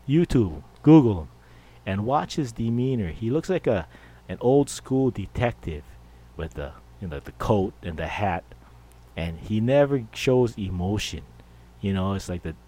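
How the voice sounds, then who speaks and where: A man's voice: fairly low pitch, darkish tone. A middle-aged man hosting a podcast, rambling and jokey in a casual monologue. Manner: rambling, jokey, full of fillers. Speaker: podcast host.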